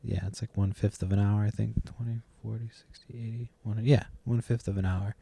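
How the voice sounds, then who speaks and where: Rambling young man, low mellow voice. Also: flat delivery, a little fast, vocal fry, slightly rough. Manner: loose, swears often, trails off with "like" and "blah, blah". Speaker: podcast host. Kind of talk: rambling casual storytelling.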